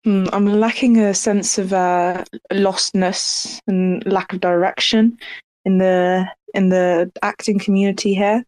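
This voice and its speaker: A woman setting up a comic improv scene in a group chat, with a playful, deadpan delivery. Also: medium pitch, slow, dry recording. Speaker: Twitter Space participant.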